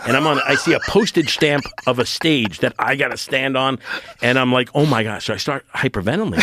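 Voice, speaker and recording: A man's voice: mid-range voice, fast, no echo, clean studio sound. A middle-aged man telling a story in casual podcast chat. He keeps cutting himself off and restarting, and acts out his own panic as he retells it. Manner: rambling, self-interrupting, animated retelling. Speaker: comedian guest.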